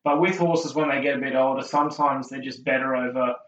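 A man's voice: mid-range voice, steady tone, fairly quick, fairly bright tone. A young man co-hosting a racing podcast, rambling through his picks and laughing often. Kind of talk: casual tipping chat. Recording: roomy, distant, dull sound.

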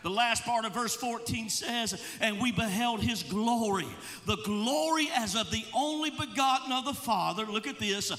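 A male evangelist preaching a sermon, impassioned, rising into shouts and sung, chanted phrases. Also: extremely high pitch, normal speed, hardly any pauses, big-room sound. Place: church sanctuary.

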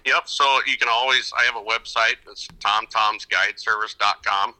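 On a podcast, a middle-aged fishing guide from the upper Midwest of the United States tells stories in casual interview conversation, wandering and restarting often. He has a fairly low, bright, forceful voice with a steady tone at normal speed, and the recording is rough.

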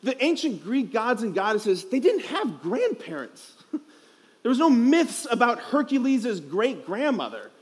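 High-voiced priest preaching to youth. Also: male voice, wildly swooping pitch, a little slow. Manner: playful, emphatic, asks the crowd questions. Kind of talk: energetic youth conference homily. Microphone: headset.

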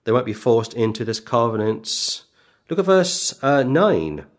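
A man preaching a sermon, scolding his listeners with sarcastic rhetorical questions and reading scripture slowly and emphatically. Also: mid-range voice, sing-song.

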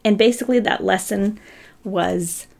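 A woman's voice: mid-range voice, unhurried, gravelly, darkish tone. A middle-aged woman giving a sermon, telling a family story in a conversational, humorous way. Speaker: preacher.

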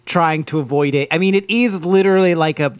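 A man on a casual comedy podcast with a slightly high voice. He rants in wry, exasperated bursts, and his voice sounds close and dry. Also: fairly quick, clean tone, dry recording. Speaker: podcast co-host.

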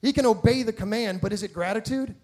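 A man with a noticeably high voice delivers a sermon in a church. He preaches with animated emphasis, circling back through restarts and pressing his listeners with rhetorical questions. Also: fast.

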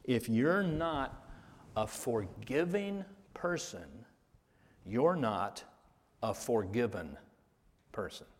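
A man's voice: big pitch swings, very slow, pauses often. Man preaching a sermon in a reverberant hall. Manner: earnest preaching, builds emphasis then drops low. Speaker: pastor.

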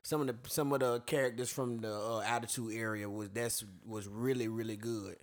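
A man co-hosting a sports talk show, speaking casually and a little haltingly. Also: fairly low pitch, steady tone. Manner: easygoing, hesitant, slangy. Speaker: sports podcast co-host.

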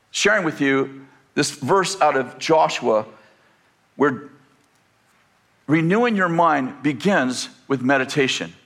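A man's voice: a little high, fairly bright tone. A man preaching a sermon as pastor, asking the congregation rhetorical questions and acting out quoted voices.

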